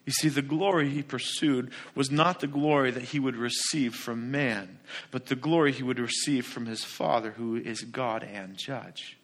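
A pastor delivers an emphatic sermon packed with rhetorical questions, at a normal speed and with few pauses. His mid-range voice swings between loud declarations and softer asides.

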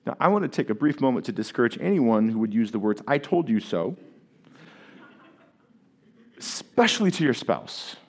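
A man's voice: mid-range voice, sing-song, fast talker, few pauses, a little mellow. A man, a pastor, preaching a sermon and putting rhetorical questions to his congregation.

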